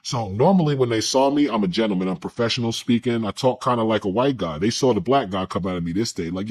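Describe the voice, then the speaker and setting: A man with a low, husky voice tells a personal story in an interview. He speaks bluntly and casually, with slang and restarts. His voice has a breathy, rough edge. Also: fast talker, hardly any pauses, darkish tone, poor audio. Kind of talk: candid recounting in an interview.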